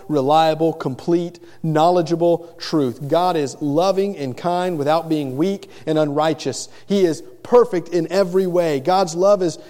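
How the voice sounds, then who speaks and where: A man's voice: a little high, dark tone. Man preaching in a reverberant hall. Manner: earnest, repeats words at the start of phrases. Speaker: pastor. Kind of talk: sermon. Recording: long reverb of a large hall.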